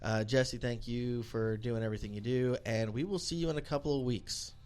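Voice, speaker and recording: A man hosting a casual podcast, upbeat and chatty. He asks rambling questions full of ums and you-knows. His voice sits at an ordinary middle pitch. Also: fairly quick, a little mellow, smooth. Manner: upbeat, filler-heavy questioning. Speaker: podcast host.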